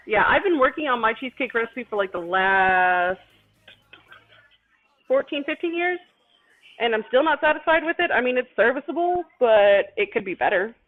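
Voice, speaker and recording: A woman's voice: fairly high pitch, lively intonation, moderate pace. A woman hosting a cooking livestream, talking casually in a rambling, chatty, self-deprecating way as she preps food. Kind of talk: casual chat while cooking. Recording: tinny phone-like stream audio with faint music.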